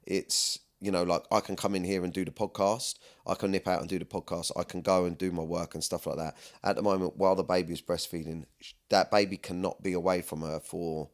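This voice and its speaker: His voice sits low and his delivery is flat and brisk as he hosts a podcast. The man talks at length in an earnest, candid, rambling personal chat, often checking "do you know what I mean".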